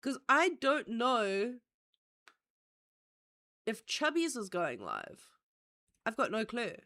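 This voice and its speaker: Casting: congested woman streamer, nasal, giggly, blunt, lively and slightly high. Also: takes it slowly. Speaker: livestream host. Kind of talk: casual livestream chat.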